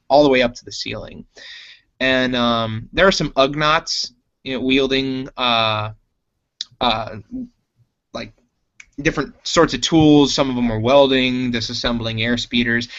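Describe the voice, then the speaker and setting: Slow, bright-voiced male game master. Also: mid-range voice, lo-fi sound. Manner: unhurried, filler-heavy narration. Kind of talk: narrating a tabletop role-playing game.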